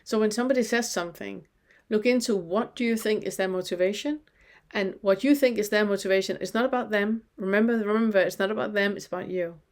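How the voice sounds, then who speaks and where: A woman with a mid-range voice leads a spiritual teaching lesson. She talks calmly and reflectively and keeps turning the listener back on themselves with rhetorical questions. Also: mid-range voice, fast. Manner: calm, reflective, asks many rhetorical questions.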